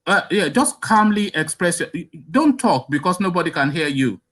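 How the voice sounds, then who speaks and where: A man hosting a political talk show, trying to calm a caller down, stumbling and restarting his sentences. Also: on the high side. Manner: halting, placating, with many restarts. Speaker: host.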